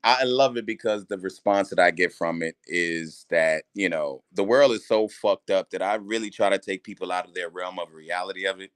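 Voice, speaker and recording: A man, a stand-up comedian, chatting as a guest with animated, profane storytelling and frequent restarts. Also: low-pitched, fairly quick, hardly any pauses, clear, resonant tone, dry recording. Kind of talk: casual interview chat.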